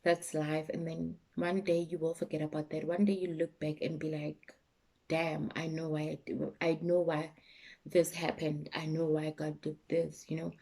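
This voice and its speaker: A young South African woman with a South African accent, talking candidly and emotionally to her vlog viewers, sometimes dropping to a soft, low voice. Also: flat delivery, moderate pace, vocal fry. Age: young adult. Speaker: YouTuber. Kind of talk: personal vlog chat.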